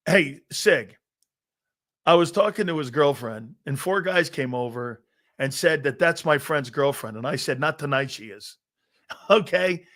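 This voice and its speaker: A man's voice: a little high, animated, a little slow, fairly bright tone. A man in his fifties hosting a sports talk show, telling brash, boastful stories full of restarts and acted-out quotes. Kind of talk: casual sports talk storytelling.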